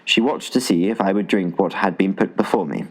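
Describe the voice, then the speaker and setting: A man reading a travel essay aloud as an audiobook narrator, in an expressive style with dry humor. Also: low voice, a little fast, rough recording. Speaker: audiobook reader. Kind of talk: scripted narration.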